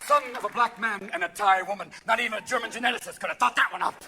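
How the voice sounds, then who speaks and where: A man performing a stand-up comedy set, manic and shouting, jumping between voices and impressions. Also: sits high, racing, vocal fry, slight background noise. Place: large theater with live audience. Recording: live theater recording with crowd laughter. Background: audience laughter and applause.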